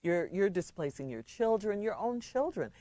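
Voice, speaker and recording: A middle-aged woman from Chicago co-hosting a radio show, chatting playfully with laughs, reading listener shout-outs and an advice letter. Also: mid-range voice, sing-song, normal speed, no echo. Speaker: radio co-host giving advice. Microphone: studio microphone.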